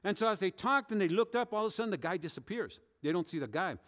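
A pastor with a notably high, slightly bright voice preaches a sermon, telling the story vividly and acting out what its characters say. He's expressive and quick, and a long hall reverb makes his voice ring as if in a church sanctuary.

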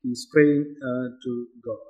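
A man preaching a sermon in a church, halting with frequent fillers and restarts. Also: medium pitch, flat delivery, warm tone. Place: church hall.

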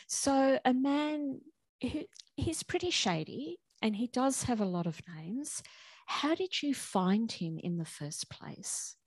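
A woman interviewing a guest in a relaxed, conversational way with amused asides. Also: high-pitched, slow pace, no echo, poor audio.

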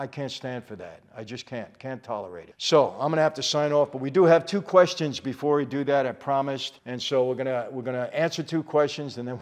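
An older man hosting his channel, giving impassioned, emphatic commentary to camera. He repeats phrases for force and calls out to viewers as "people.". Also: a little high. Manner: addresses viewers directly as "people". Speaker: channel host.

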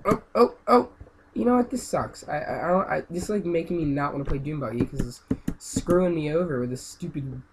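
A young man giving casual gameplay commentary, rambling and then yelling and ranting at the game. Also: a little high, brisk. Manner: rambling, yells and rants at the game. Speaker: gaming channel host. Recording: noisy amateur home recording.

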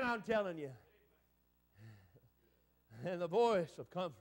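A man preaching a revival sermon as an evangelist. He tells a personal story with fervor, dropping low and hushed before building to loud, exclamatory peaks full of "amen.". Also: animated, slow, long pauses. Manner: fervent storytelling preacher, keeps repeating "boy, I'm telling you" and "amen".

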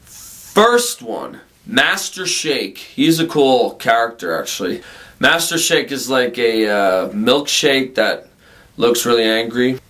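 A man's voice: mid-range voice, lively intonation, slow, a bit bright. A man hosting his own comedic vlog in a casual, goofy way, laughing often between lines. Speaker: vlog host.

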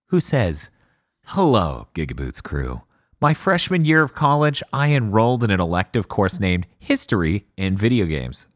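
A man hosting a podcast, telling stories in casual chat, blunt and quick to swear. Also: fairly low pitch, no echo, clean studio sound. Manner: storytelling, blunt, swears freely. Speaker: podcast host.

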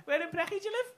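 A man doing crowd work in a comedy club, sweary and mocking, ranting at the audience and laughing through his lines. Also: very high-pitched. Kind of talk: live stand-up crowd work. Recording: live club recording with audible noise.

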